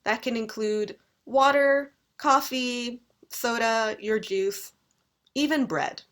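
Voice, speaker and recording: A young woman with a Canadian accent giving a recorded English lecture, modeling polite phrases with clear, exaggerated intonation. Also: on the high side, takes it slowly, a bit bright. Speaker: English teacher.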